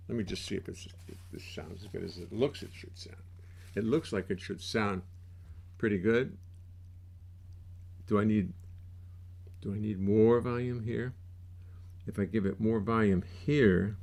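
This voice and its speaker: Gravelly older man chatting wryly. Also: lowish voice, darkish tone. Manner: wry, self-mocking, chatty with restarts. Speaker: musician hosting a livestream. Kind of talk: casual rambling livestream chat. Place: home studio. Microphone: desk mic.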